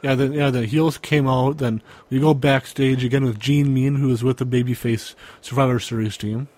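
A man's voice: mid-range voice, fairly even intonation, moderate pace, a little mellow. Man recapping from his notes. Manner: reads from notes, hesitant with restarts. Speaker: podcast co-host. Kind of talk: casual chat reviewing a wrestling event.

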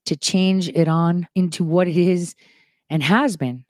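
Woman commentator, animated casual monologue, mid-pitched, close and dry. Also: dry recording. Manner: animated, quick shifts from soft asides to emphatic rises. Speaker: online commentator.

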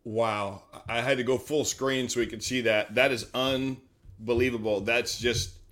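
A man's voice: mid-range voice, steady tone, unhurried, a bit bright. Shaken host man on a video call. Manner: stunned, reacts in short broken phrases. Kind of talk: interview talk.

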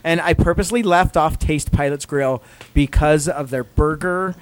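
A man's voice: a little high, normal speed. A man hosting a casual podcast, rambling and self-deprecating as he reads out a ranked list and justifies his picks. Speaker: podcast host.

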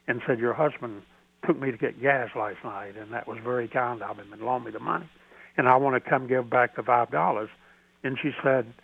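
A man's voice: mid-range voice, gravelly, slightly rough. Older man telling a story over a phone line. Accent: Southern American. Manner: folksy, halting with restarts. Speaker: podcast host, radio guest. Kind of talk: storytelling in a radio interview. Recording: dry tinny phone line.

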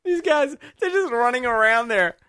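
A man co-hosting a radio call-in show, rambling through crude jokes with halting restarts. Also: very high voice, expressive, pushed and bright, clear, resonant tone, no echo. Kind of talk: casual banter with crude jokes.

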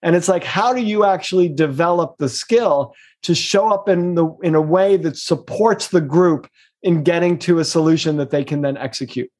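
Middle-aged guy, higher voice, coach chatting in an interview, emphatic, quick then slow. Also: darkish tone. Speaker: executive coach and guest. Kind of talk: casual interview conversation.

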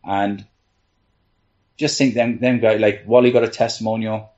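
A man's voice: on the low side, flat delivery, moderate pace, a little mellow, highs cut off. A man, a team trainer, rambling through anecdotes in casual panel chat, with frequent laughs and "you know". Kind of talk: casual storytelling on a podcast panel.

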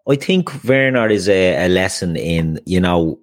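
A man's voice: sits low, lively intonation, measured pace. A man hosting a casual football chat show, talking things through in a loose conversational way. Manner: conversational, hedging with fillers. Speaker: podcast host.

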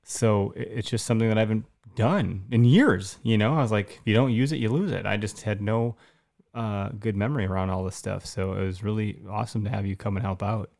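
Gravelly podcast co-host, a man in his thirties who tells stories eagerly and restarts often. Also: lowish voice, fairly quick. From Wisconsin. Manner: excited storyteller, many restarts. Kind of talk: casual chat, storytelling.

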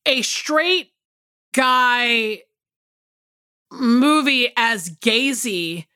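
A woman co-hosting a casual chat show. Her high voice sounds bright and forward, and she rambles from one thought to the next with plenty of "like" and "I mean." She swears easily. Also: drawn-out words, clear, resonant tone. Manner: rambling, animated, swears freely, many fillers. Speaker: podcast co-host.

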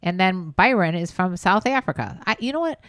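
A woman's voice: fairly low pitch, lively intonation, brisk, fairly bright tone, no room sound. Chatty woman podcast co-host. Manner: frank, chatty, enthusiastic. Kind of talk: casual podcast chat.

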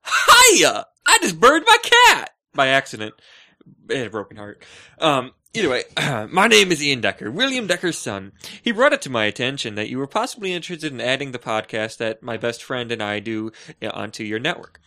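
A man's voice: wildly swooping pitch, moderate pace, sharp tone, exaggerated voice. A man impersonating a goofy, overexcited young man reading his own letter aloud. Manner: squeaky, exaggerated, clearing throat.

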